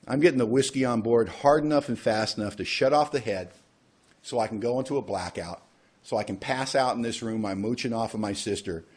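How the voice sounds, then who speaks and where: A man's voice: mid-range voice, darkish tone. A man telling his own recovery story to a group, wry and self-mocking, acting out the voices of people he quotes. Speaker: recovery workshop speaker.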